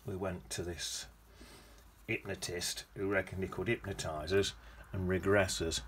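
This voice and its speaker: A man's voice: sits low, flat delivery, unhurried, a bit bright, a little hiss or hum. A man teaching watercolour painting in a chatty, rambling way, humming to himself as he paints. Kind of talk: casual painting demonstration.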